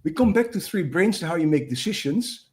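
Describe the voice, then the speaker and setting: A man from the Netherlands with a Dutch accent, a guest expert explaining himself earnestly in halting, restarting sentences. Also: sits high, sing-song, a little hiss or hum. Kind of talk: casual interview talk.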